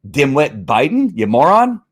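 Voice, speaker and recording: A man's voice: medium pitch, wildly swooping pitch, a little slow. A man hosting a podcast, talking in heated, rambling political commentary, full of restarts and worked-up outbursts. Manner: fired-up, rambling, with frequent restarts. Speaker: podcast host.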